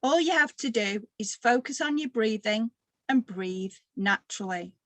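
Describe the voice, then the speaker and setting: A tired woman leading a guided meditation workshop, talking gently with long pauses. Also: fairly high pitch, expressive, no room sound. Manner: slow, gentle guiding with pauses. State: tired, occasional coughing. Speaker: workshop leader.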